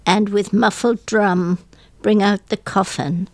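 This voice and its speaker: A woman reading poetry as a radio guest, measured and softly solemn, at a studio microphone. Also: medium pitch, steady tone, no room sound. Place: small radio studio with cameras.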